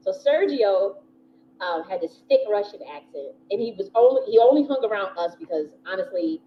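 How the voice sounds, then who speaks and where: Animated and moderately paced, a medium-pitched American woman rambles through a personal story in a casual, chatty way. A spiritual teacher and channel host, she laughs often, swears freely and says "you know" constantly, captured in slightly dull audio with faint background hiss.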